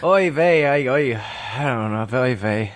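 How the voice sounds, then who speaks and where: A man's voice: medium pitch, expressive, measured pace, pitched below the performer's own voice, close to an everyday voice. A man impersonating a fretful male podcast host who sighs and kvetches in a sing-song way. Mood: kvetching.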